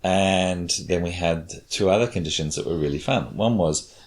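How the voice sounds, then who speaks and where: A man's voice: sits low, normal speed. A man, a cognitive scientist, explaining his experiments patiently in a casual chat and demonstrating intonation.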